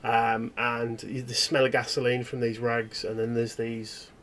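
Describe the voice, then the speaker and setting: Male game master, tabletop horror, laid-back, rambling narration, even middle voice. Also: mid-range voice, unhurried, a little hiss or hum.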